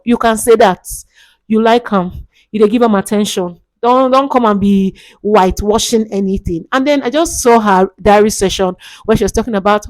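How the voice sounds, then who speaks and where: A young Nigerian woman with a Nigerian accent gossips in a lively, dramatic way. Her voice sits at an ordinary middle pitch. The recording is close and dry, with no room sound. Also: brisk, no room sound. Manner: animated, dramatic gossip with Pidgin asides. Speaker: reality show commentator. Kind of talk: casual chat.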